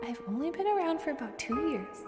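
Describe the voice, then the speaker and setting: A woman's voice: sits high, sing-song, fairly quick, in a large hall, loud music behind the voice. A woman streamer chatting casually and playfully, giggling and repeating words over and over. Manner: playful and giggly, drilling one word over and over. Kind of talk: casual live-stream chat.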